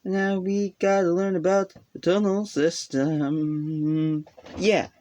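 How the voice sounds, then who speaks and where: A man, a hobbyist, casually explains a language he has taught himself, rambling, hesitant, and self-deprecating as he sounds out vowels aloud. His voice is high and steady, slow-paced and a little mellow.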